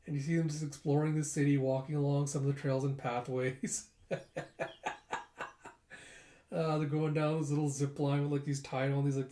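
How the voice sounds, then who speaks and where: A man's voice: on the high side, dark tone, roomy sound. A man casually recapping a comic chapter in a rambling, chatty way with many fillers. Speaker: comic reader and reviewer. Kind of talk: casual comic read-through.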